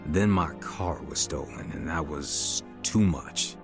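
A middle-aged man calmly narrating his own life story as a testimony. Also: very deep voice, takes it slowly. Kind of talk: testimony narration over music. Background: music.

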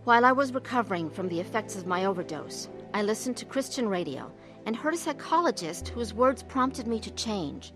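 A woman's voice: mid-range voice, sing-song, brisk, over music. An actress playing a troubled middle-aged woman who narrates her own story in a radio drama, earnest and emotional. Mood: somber.

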